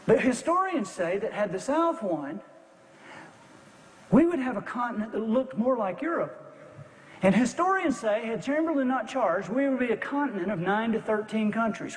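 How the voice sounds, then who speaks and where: A man's voice: high voice, big-room sound. A man giving a dramatic storytelling speech who builds tension and repeats words for emphasis.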